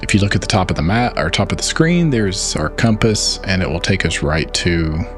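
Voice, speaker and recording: A man's voice: sits low, sing-song, moderate pace, over music. A man with a Southern US accent from Arkansas, chatting casually while explaining game controls in a let's play. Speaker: gaming channel host.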